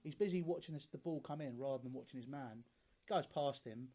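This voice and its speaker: A man co-hosting a live football watchalong, chatting and joking in quick banter. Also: medium pitch, dark tone. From England. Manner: chatty, quick banter with playful put-on voices. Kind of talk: casual live match chat.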